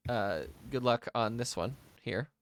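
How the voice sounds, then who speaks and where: A man as game master, narrating and explaining a tabletop game world in a relaxed way with many pauses. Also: mid-range voice.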